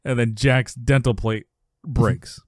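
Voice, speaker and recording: A man's voice: medium pitch, fairly even intonation, slow pace, no echo, studio quality. A man co-hosting a podcast, recapping a sitcom episode in casual chat, laughing often and acting out the characters' lines in a raised voice. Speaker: podcast co-host.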